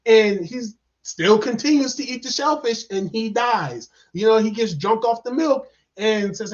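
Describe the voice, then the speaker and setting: A man with a high-pitched voice talks through a movie review in an excitable, rambling way, full of fillers and repeated words. The recording is a bit dull and lo-fi. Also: measured pace. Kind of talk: casual spoken movie review. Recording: dull lo-fi sound.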